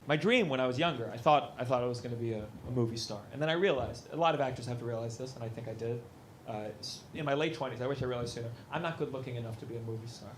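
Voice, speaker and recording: A man's voice: medium pitch, rapid-fire, hardly any pauses. A man in his thirties doing stand-up crowd work on a club stage, brash and profane as he teases the audience. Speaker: stand-up comedian. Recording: noisy live club recording.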